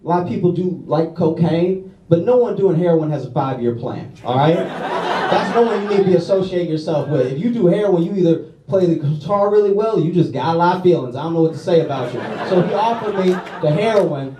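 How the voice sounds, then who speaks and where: A man from Louisiana doing a stand-up set, self-deprecating, tagging lines with quick "all right?" and "okay?" asides. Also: high-pitched, expressive, distant mic, background noise. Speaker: stand-up comedian. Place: comedy club stage with a live audience. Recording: roomy venue audio with crowd laughter.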